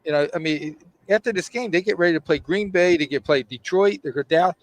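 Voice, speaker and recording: Man, sports radio guest, halting repeated words, slightly high voice, dry close sound. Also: no room sound. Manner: halting, repeats words while building his point.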